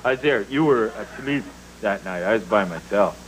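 An actor with a Canadian accent playing a dopey, beer-drinking co-host who talks in a slow, muddled way and keeps saying "eh". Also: male voice, lowish voice, a little hiss or hum, close to an everyday voice, rough recording.

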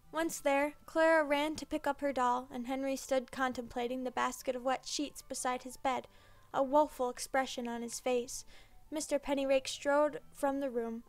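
A woman reading a dark Christmas story aloud as narrator, with expressive storybook delivery. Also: sits high. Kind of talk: scripted narration. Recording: dry close mic with background music.

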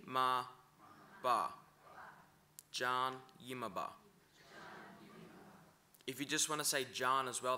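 A man's voice: mid-range voice, pushed and bright, a little hiss or hum. A man teaching pronunciation at a conference, breaking each word into syllables. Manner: slow, breaks words into syllables. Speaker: language teacher.

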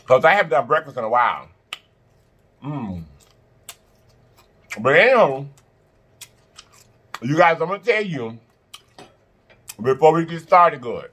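A man hosts a casual eating-show video with a voice that sits a touch high. His delivery swings widely in pitch as he chants catchphrases to his viewers and hums through mouthfuls. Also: expressive, slow, pauses often, sharp tone. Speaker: mukbang channel host.

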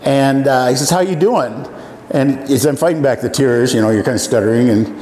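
A man in his seventies, from Iowa, telling folksy personal stories to an audience, often pausing with "uh.". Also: medium pitch, steady tone, warm tone. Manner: folksy, halting with many fillers. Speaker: speaker. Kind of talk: storytelling talk to an audience. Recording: echoey hall, faint room noise.

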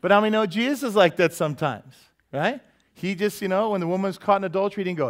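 A man preaching a sermon as pastor, in a lively, joking and emphatic way. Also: high voice, a little fast.

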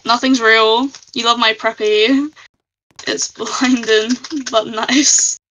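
A woman's voice: on the high side, steady tone, takes it slowly, fairly bright tone, a little hiss or hum, poor audio. A woman live-streaming a game, chatting casually and giggling as she reads out her chat.

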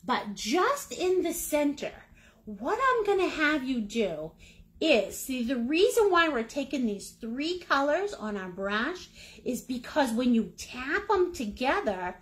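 A woman's voice: sits high, sing-song, takes it slowly. A middle-aged woman teaching a live paint-along class, playful and chatty, with pet names and silly sound words. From Maine, United States. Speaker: painting instructor.

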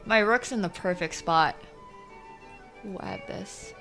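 A woman streaming her online chess games, talking through the moves and swinging from quiet muttering to loud outbursts. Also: mid-range voice, measured pace, over loud music. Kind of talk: live commentary while playing online chess.

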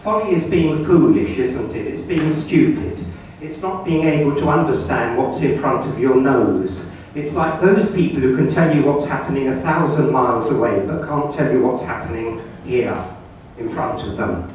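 A man's voice: mid-range voice, lively intonation, moderate pace, darkish tone, slight background noise. A man giving a talk to a club audience, earnest and lecturing, who asks the room questions and counts raised hands. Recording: echoey room, far from mic.

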